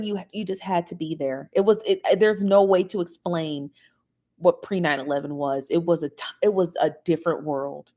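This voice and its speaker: A woman's voice: lowish voice, a little mellow. A woman, chatting animatedly as a podcast co-host and laughing often. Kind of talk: casual chat.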